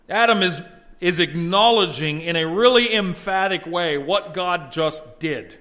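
A man's voice: a little high, expressive, normal speed, a bit bright. A middle-aged man preaching a sermon in a conversational way, at times building to emphatic exclamations. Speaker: pastor.

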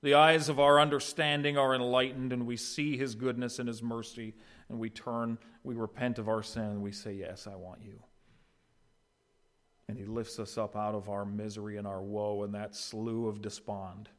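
A man preaching an expository sermon as pastor, swinging between quiet, low passages and loud, raised ones. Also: flat delivery, moderate pace. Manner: swings from quiet to loud, acting out quoted voices.

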